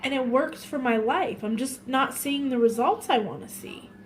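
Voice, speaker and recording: In a confessional vlog, a woman speaks emotionally and haltingly, tearful and repeating herself often. Her voice is high-pitched, and there's a little hiss or hum in the recording.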